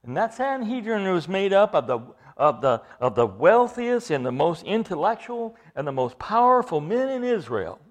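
A man's voice: high-pitched, big pitch swings, moderate pace, few pauses. A man preaching an expository sermon, emphatic, repeating phrases for stress and putting questions to his listeners.

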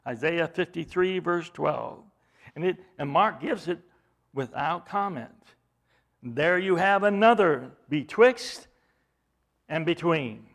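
A man's voice: fairly high pitch, lively intonation, slow, creaky, a bit bright. A man preaching an expository sermon, emphatic, acting out mocking voices as he reads.

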